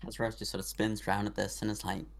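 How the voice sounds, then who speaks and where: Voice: deep voice, flat delivery, quick pace, gravelly. A game master narrating a tabletop role-play game in a loose, rambling way.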